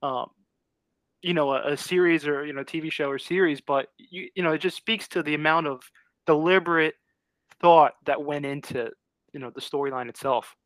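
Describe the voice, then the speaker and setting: A man's voice: a little high, normal speed, fairly bright tone, no echo. A man hosting an interview podcast, asking easygoing questions and laughing along with his guest. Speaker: podcast host. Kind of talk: casual interview chat.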